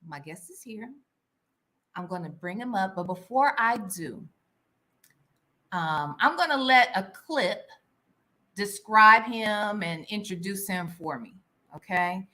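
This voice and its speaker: A woman's voice: mid-range voice, animated, slow, long pauses, bright, forceful tone. A woman hosting a casual livestream, chatting and greeting viewers by name, often ending lines with "all right?" and sometimes dropping to a whisper for asides. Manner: drops into a whisper for gossip asides. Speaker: livestream host.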